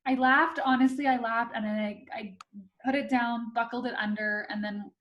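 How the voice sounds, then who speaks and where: A young woman, a real estate agent and guest, tells an anecdote in an animated, breathless way, often laughing as she talks. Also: fairly high pitch, normal speed, dull audio. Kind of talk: storytelling anecdote.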